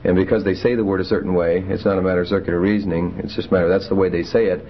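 A man teaching a Greek grammar class, explaining rules methodically with frequent pauses and fillers. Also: deep voice, little pitch movement, slight background noise. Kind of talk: classroom lecture. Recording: muffled lo-fi classroom recording.

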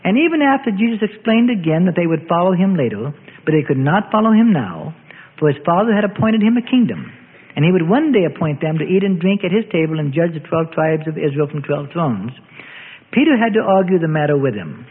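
A man's voice: fairly high pitch, very animated, brisk, a little hiss or hum. A man narrating a Bible story in a solemn scripted style, with old-fashioned phrasing. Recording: tinny phone-like audio with long reverb.

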